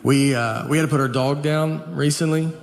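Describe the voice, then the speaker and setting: Deadpan man doing stand-up in a hall. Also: on the high side, normal speed, creaky. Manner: deadpan, rambling storytelling with many fillers. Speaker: stand-up comedian. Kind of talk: stand-up comedy set. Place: large theater stage with a live audience. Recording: reverberant hall with audience noise.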